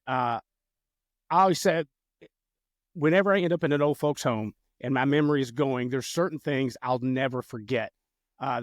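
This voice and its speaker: A man hosting a podcast, warm and effusive, who calls his guest brother. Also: mid-range voice, no echo, studio quality. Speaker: podcast host. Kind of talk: casual interview chat.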